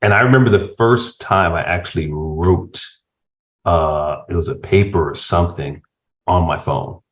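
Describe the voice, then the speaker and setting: A middle-aged man chatting casually as a podcast guest, telling stories with laughter and lively voice swings. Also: low-pitched, moderate pace. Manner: animated storyteller, laughs while telling stories. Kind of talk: casual chat. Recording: dull lo-fi sound.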